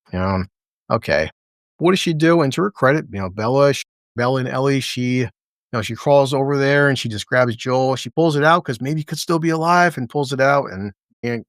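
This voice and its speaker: A man's voice: mid-range voice, dry recording, studio quality. A man casually reviewing a TV episode, blunt and swearing a lot as he talks through the scenes. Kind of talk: casual profane reaction commentary.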